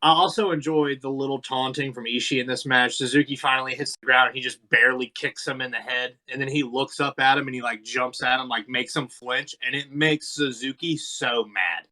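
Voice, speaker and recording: A man co-hosting a podcast, chatting casually about a wrestling match, relaxed and full of fillers and swearing. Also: medium pitch, brisk, hardly any pauses. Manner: laid-back, swears freely, lots of likes and ums. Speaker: podcast co-host.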